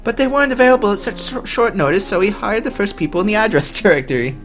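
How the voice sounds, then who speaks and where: A man voicing a cheerful, naive young noblewoman in a game, in a high, bubbly, singsong voice. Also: expressive, quick pace, fairly bright tone, faint music behind. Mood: chirpy.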